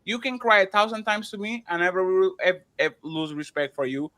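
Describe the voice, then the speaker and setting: A man's voice: high voice, lively intonation, a little fast, sharp tone. A man hosting a podcast, arguing emphatically in a heated debate, interrupting and repeating himself.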